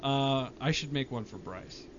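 A man talks loosely as the host of a podcast, joking about himself and swearing easily. His voice sits at an average pitch. The recording is muffled and lo-fi, with a clear hiss of noise underneath. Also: a little slow. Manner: laid-back, self-mocking, crude jokes. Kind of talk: casual chat.

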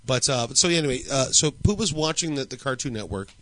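Animated, profane male storyteller. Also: mid-range voice, quick pace, slight background noise, low-quality recording. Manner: crude, joking, animated storyteller. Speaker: podcast co-host. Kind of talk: casual profane chat, storytelling.

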